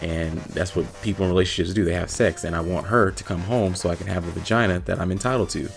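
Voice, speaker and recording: Man, low voice, casual vlog storytelling, blunt, profane, animated. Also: fast talker, gravelly. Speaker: vlogger.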